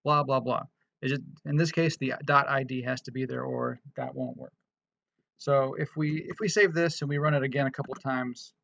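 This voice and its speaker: A man's voice: mid-range voice, steady tone, moderate pace, creaky, a bit bright, dull audio, slight background noise. A man casually walking through a programming tutorial, thinking aloud with frequent restarts and fillers. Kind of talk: casual screen-recorded coding tutorial.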